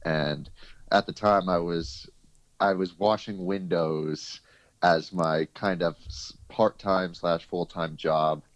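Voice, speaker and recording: A nineteen-year-old man speaks on a phone call from his bed, his voice low and still drowsy with sleep. He is relaxed and easygoing, and laughs readily as a guest on the show. The sound is dry and close. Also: slow, no echo. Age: teens. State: sleepy morning voice. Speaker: guest, pro disc golfer. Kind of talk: casual phone interview. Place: lying in bed.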